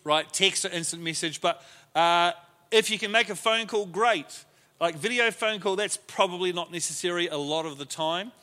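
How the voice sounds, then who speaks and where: A man's voice: sits high, moderate pace, bright, forceful tone, in a large hall. A man teaching a leadership class to a group in a conversational way, often acting out the lines he quotes.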